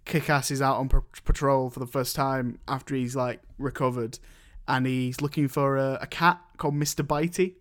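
A man's voice: medium pitch, steady tone, moderate pace. A young man co-hosting a film podcast, chatting casually, laughing a lot and acting out lines from movies. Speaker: podcast co-host. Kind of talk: casual chat.

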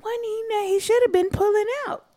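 Woman, high voice, podcast co-host, casual chat, blunt, profane storytelling. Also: steady tone, brisk, dark tone.

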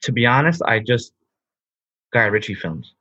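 A man with a husky, slightly low voice, co-hosting an easygoing chat. The recording is dry and a little dull, and his tone stays enthusiastic. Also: sing-song, moderate pace, bright, forceful tone, no echo. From United States. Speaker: podcast co-host. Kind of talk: casual chat, then reading a script.

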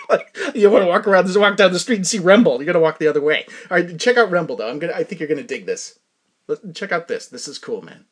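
A man hosting a casual music reaction, excitable and laughing often as he tells stories. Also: high-pitched, quick pace.

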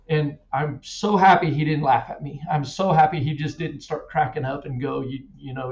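A man's voice: medium pitch, fairly quick, few pauses. Earnest middle aged guy from kansas, sounds far off from the mic, repeats himself a lot. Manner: earnest, repeats words, animated storyteller. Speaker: guest cyclist. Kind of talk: casual interview. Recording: echoey distant dull-sounding mic.

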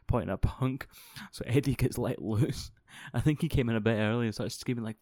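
A young man co-hosting a podcast, rambling excitedly and swearing often. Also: medium pitch, fast talker, no echo, studio quality. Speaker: podcast co-host. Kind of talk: casual podcast chat.

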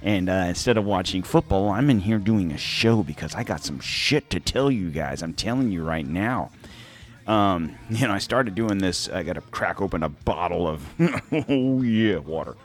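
A man's voice: low-pitched, lively intonation, normal speed. A man hosting a podcast in a casual, rambling monologue, laughing and correcting himself as he goes. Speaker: podcast host.

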